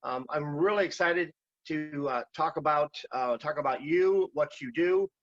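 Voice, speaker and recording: A man's voice: fairly high pitch, a little slow, dry recording, dull audio. A man in his fifties hosting a podcast, talking with many hesitations and fillers. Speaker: podcast host.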